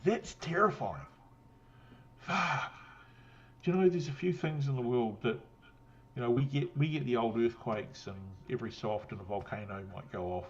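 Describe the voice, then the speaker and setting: A man's voice: mid-range voice, animated, moderate pace, dull audio. Rambling, laughing New Zealand man. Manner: rambling, laughs often, swears freely. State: had a drink. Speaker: guest on a livestream. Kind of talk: casual chat.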